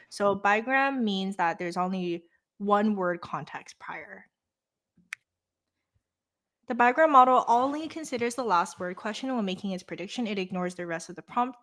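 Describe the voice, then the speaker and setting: A woman's voice: mid-range voice, fairly bright tone. A young woman hosting a casual livestream lesson, reading course text aloud and chatting playfully with her viewers. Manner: playful, chatty, quick asides to chat. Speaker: host leading a live course walkthrough.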